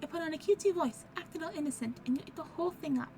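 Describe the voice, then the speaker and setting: A woman's voice: sits high, very fast, dark tone, a little hiss or hum, pitched above the performer's own voice. A woman voicing a cold, scornful noblewoman villain in a game. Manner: contemptuous, mocking.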